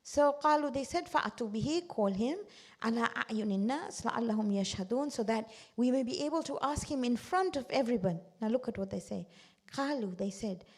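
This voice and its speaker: A middle-aged woman teaching a religious study lesson, explaining verses with emphatic rhetorical questions and moving between quick recitation and slower explanation. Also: a little high, expressive, darkish tone.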